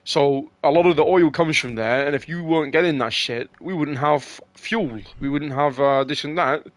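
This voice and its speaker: A man's voice: fairly high pitch, normal speed, no echo. Rambling, swearing young man in casual chat. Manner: rambling and profane, many fillers and restarts.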